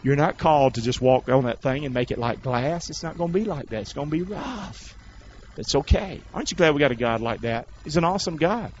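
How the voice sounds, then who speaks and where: A man preaching a sermon to a congregation in a church, leading call-and-response and swinging between loud, rising calls and hushed, low passages. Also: lively intonation, a little fast, muffled recording, slight background noise. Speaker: pastor.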